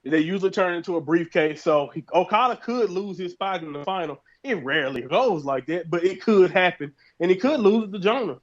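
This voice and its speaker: A man co-hosting a podcast, talking in a relaxed, chatty way about his own show. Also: high voice, brisk, few pauses. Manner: relaxed, chatty, self-promoting. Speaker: podcast co-host. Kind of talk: casual podcast chat. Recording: dull lo-fi sound.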